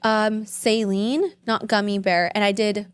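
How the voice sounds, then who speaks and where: A woman's voice: medium pitch, steady tone, measured pace, smooth. A woman guest telling stories in casual podcast chat, full of "like" and quoted dialogue. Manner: chatty storytelling full of "like".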